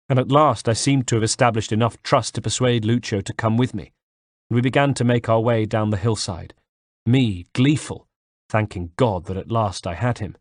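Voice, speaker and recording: Low-voiced man narrating an audiobook. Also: no echo, studio quality. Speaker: audiobook reader. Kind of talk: first-person audiobook narration.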